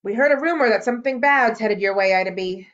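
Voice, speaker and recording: A woman's voice: a little high, quick pace, fairly bright tone, natural voice. A woman voicing a smug, sly male tree. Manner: taunting, smug. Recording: dull lo-fi recording.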